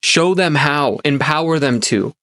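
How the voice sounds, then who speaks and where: A man's voice: fairly high pitch, expressive, unhurried, a bit bright, no room sound. A young man telling a personal story and giving advice, earnest and rambling, with many restarts and fillers. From immigrant childhood, grew up in America. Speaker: self-help podcast host.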